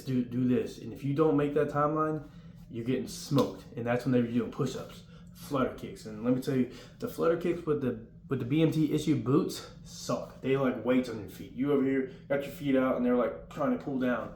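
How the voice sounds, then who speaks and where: A young man giving casual, rambling advice about basic training and acting out the drill yelling now and then. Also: mid-range voice, brisk. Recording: roomy with faint room noise.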